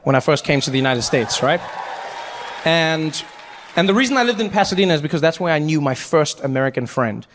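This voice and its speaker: Animated South African comedian, high voice. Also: male voice, brisk, in a large hall, a faint crowd, a little hiss or hum. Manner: animated, self-mocking, rising to near shouts. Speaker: stand-up comedian. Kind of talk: stand-up comedy storytelling.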